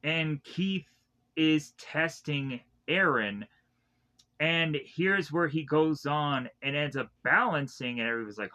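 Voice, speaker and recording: A man with a bright, tense, somewhat high voice recaps anime episodes in a loose, rambling way, restarting his sentences often. He keeps slipping into quick, animated impressions of the characters as he goes. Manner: rambling, loosely retells scenes with many restarts. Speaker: anime reviewer.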